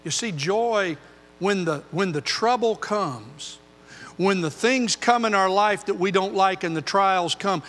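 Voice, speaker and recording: An older man preaching a sermon as pastor, earnest, moving between loud emphasis and quiet intensity. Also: sits high, a little slow, long reverb tail.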